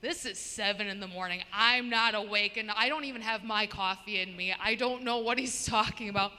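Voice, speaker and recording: A woman's voice: mid-range voice, brisk, sharp tone. A woman doing a stand-up comedy set, chatting with the crowd between stories. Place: comedy show venue. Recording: long reverb in a hall.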